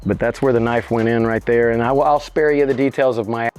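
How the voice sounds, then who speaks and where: A middle-aged man telling a story in casual interview chat, animated and profane, his voice jumping up high when he acts out scenes. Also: fairly quick, soft background music. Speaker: interview guest.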